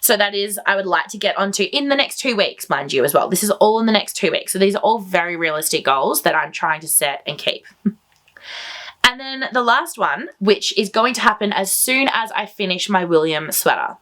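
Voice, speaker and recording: A woman hosting a knitting video, talking casually and eagerly straight to her viewers. Her voice sits at an ordinary middle pitch, and she rambles happily from one thought to the next. It sounds like an easygoing chat recorded at home. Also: expressive, normal speed, fairly bright tone. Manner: enthusiastic, chatty, rambling. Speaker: knitting podcast host.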